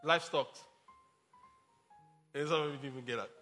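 A man's voice: mid-range voice, a little fast, sharp tone, soft background music. A man preaching a sermon as pastor, emphatic, calling out to the congregation and mixing in jokes.

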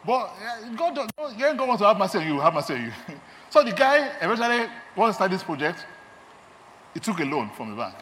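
A lay preacher who is also a doctor delivers a sermon in a Nigerian accent, emphatic and repeating his key phrases. His voice is high, very animated, brisk and a bit bright. The recording has long hall reverb, faint ambience and slight background noise.

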